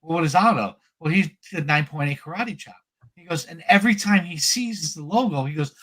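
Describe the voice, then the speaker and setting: A man with a bright, forward voice and a slightly raised pitch, excitedly telling a long story on a casual hobby podcast. He stumbles over his words and gets worked up as he talks. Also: fairly quick. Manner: animated, excitable storyteller with many restarts. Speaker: podcast co-host.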